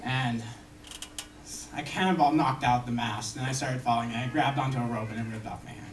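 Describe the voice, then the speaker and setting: A man voicing a gruff old male veteran pirate with a growling drawl, recorded far from the mic in an echoey room. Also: medium pitch, fairly quick, a little hiss or hum, voice pushed down, lightly acted.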